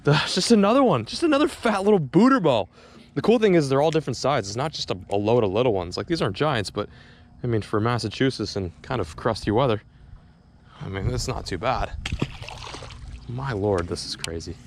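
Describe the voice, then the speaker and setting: A young man filming a fishing vlog on a riverbank, talking excitedly and stammering when a fish bites. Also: lowish voice, a little fast, creaky, slight background noise. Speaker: fishing vlogger. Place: outdoors on a river bank.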